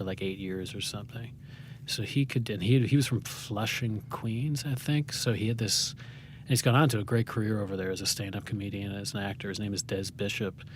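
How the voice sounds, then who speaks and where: American guy rambling through a story, lots of ums, lowish voice, faint hiss behind. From United States. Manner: rambling and self-deprecating, with many fillers and restarts. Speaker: guest playwright. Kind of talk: conversational interview.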